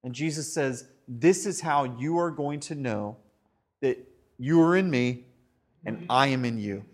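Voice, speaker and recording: A man preaching a sermon in an animated, conversational way, with fillers and asides. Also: mid-range voice, a little slow. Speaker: pastor.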